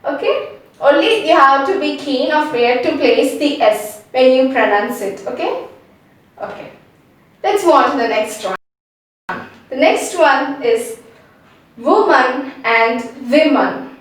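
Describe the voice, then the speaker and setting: A woman's voice: sits high, animated, unhurried, long pauses, far from the mic. A woman teaching pronunciation, spelling out sounds letter by letter and checking in with frequent "okay?"s. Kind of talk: slow explanatory lesson. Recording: echoey room, voice off-mic.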